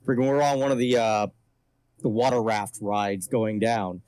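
A man's voice: lowish voice, moderate pace, darkish tone, smooth, dry recording. A married man telling a casual anecdote, with "friggin'" as a filler.

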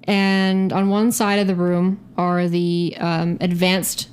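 A young adult woman telling a story in a casual podcast chat, animated, profane and self-mocking. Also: lowish voice, slow pace, clear, resonant tone. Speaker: guest storyteller.

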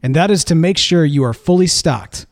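Animated, higher-voiced man co-hosting a podcast. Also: moderate pace, dry recording, studio quality. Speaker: podcast co-host. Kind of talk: casual podcast chat.

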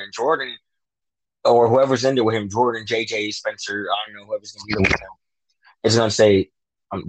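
On a dry, low-quality recording, a man with a lowish, fairly even voice talks a little fast as he casually predicts plot twists in a TV show he's a fan of. His slangy speech rambles through guesses and self-corrections, and he acts out the lines he imagines.

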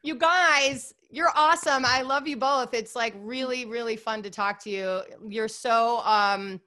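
A woman with a slightly raised voice chats as a podcast guest. She is upbeat and gushing, leaning on "like" and "you guys" as she explains. The delivery stays casual and warm-hearted in wording throughout. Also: on the high side, unhurried. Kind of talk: casual interview chat.

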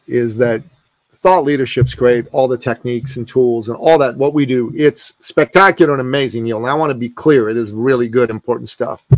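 A man's voice: medium pitch, creaky, no room sound. Passionate male podcast guest, dry sound. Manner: emphatic, passionate, with repeated restarts. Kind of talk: animated storytelling.

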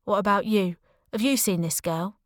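A woman voicing a gruff male mall security guard. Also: medium pitch, normal speed, no echo, clean studio sound, natural voice.

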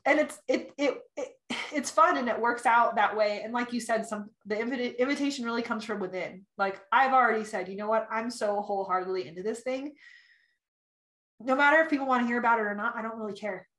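A woman reading human design charts, talking as a podcast guest. She is animated and chatty, acts out little quotes and laughs often. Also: fairly high pitch, a little fast. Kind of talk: casual podcast conversation. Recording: roomy echo.

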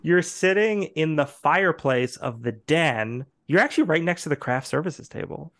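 A man's voice: fairly high pitch, expressive, fairly bright tone. Laughing man running a tabletop game. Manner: halting, full of fillers and laughter, acts out characters. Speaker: game master. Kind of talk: narrating a tabletop role-play game.

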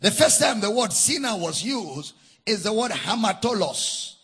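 A man with a Nigerian accent preaching a sermon, teaching with deliberate emphasis and spelling out words. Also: high voice, sing-song, a bit bright, slightly rough. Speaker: pastor.

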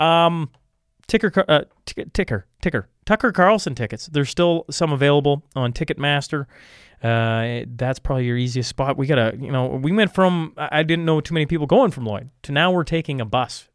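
A man's voice: a little high, normal speed, clean tone, no echo, clean studio sound. A Canadian man hosting a podcast, fighting a cold, rambling through ad reads and tripping over his words with self-deprecating asides. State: has a cold. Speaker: podcast host reading sponsor ads. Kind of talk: casual podcast intro with ad reads.

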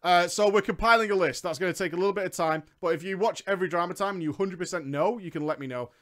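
A young man talking casually on a live stream, excitable and swearing freely, ranting in bursts. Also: sits high, fast.

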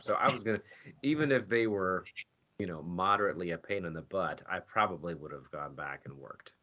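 A man's voice: deep voice, brisk, sharp tone. A man, a voice actor being interviewed, telling stories casually and animatedly, acting out his own quoted lines. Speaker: voice actor guest. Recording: dull lo-fi audio.

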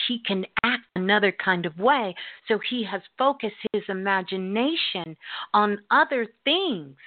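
A middle-aged woman radio host telling a story in a slow, drawn-out, emphatic way. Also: mid-range voice. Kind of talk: storytelling talk. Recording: tinny phone-like line.

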